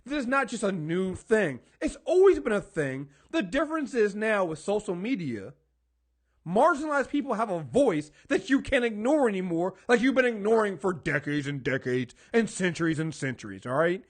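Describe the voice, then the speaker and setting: A man's voice: high voice, very animated, normal speed. A man co-hosting a podcast, ranting in casual chat, emphatic and swearing, often stumbling over repeated words. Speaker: podcast co-host. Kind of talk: heated casual podcast rant.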